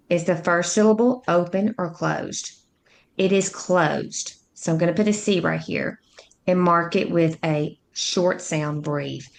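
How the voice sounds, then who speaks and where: Speaking slowly and distinctly, a woman with a slightly low voice guides listeners through phonics. She breaks every word into its syllables, patient and instructive as a reading tutor.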